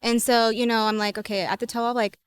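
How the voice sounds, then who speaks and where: A woman's voice: on the high side, level tone, fairly quick. A woman chatting as an interview guest, telling stories with lots of "like" and acting out past conversations in quoted lines. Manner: chatty storytelling, many "like" fillers, laughs often. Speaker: interview guest, former reality dating show contestant. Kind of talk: casual interview chat.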